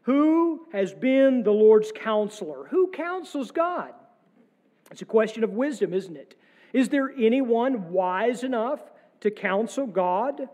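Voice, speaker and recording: A male pastor preaching a sermon in a church, posing measured rhetorical questions with wry asides. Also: very high-pitched, big pitch swings, darkish tone. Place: church sanctuary. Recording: long church reverb.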